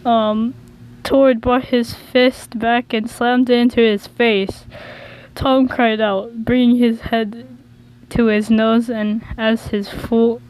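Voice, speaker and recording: A woman reads a fan story aloud, slowly, tripping over words and correcting herself as she goes. Her voice sits fairly high. The delivery is casual and unpolished. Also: little pitch movement, a little mellow, clean tone, low-quality recording. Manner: stumbling, self-correcting. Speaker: reader.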